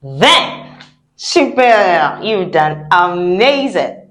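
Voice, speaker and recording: A woman's voice: medium pitch, expressive, unhurried. A woman teaching French pronunciation, repeating each word several times and encouraging the learners. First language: a language other than French. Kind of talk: pronunciation lesson, drilling words slowly.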